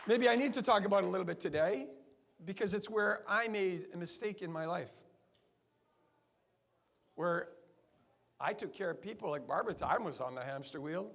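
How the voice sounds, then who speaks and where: A man's voice: high-pitched, normal speed, pauses often, fairly bright tone, some chatter behind. A man in his sixties, a chiropractor giving a seminar talk to colleagues, emphatic and full of rhetorical questions to the audience. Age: 60s. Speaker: chiropractor addressing fellow chiropractors.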